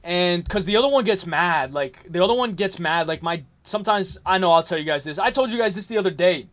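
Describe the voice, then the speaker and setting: A man's voice: sits high, expressive, a little fast, fairly bright tone. A young man from the New York area hosting a late-night livestream. He rambles casually, answers chat messages and laughs often. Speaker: livestream host.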